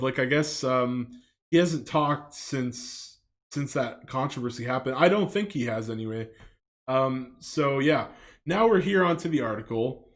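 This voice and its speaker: A man from Canada giving loose, casual commentary for his video, full of fillers and restarts, with some swearing. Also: mid-range voice.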